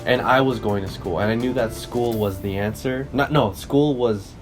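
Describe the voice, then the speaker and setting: A man's voice: medium pitch, normal speed, soft background music. A young man co-hosting a podcast, telling stories in a loose, rambling way with swearing and self-corrections. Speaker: podcast co-host. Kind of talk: casual chat.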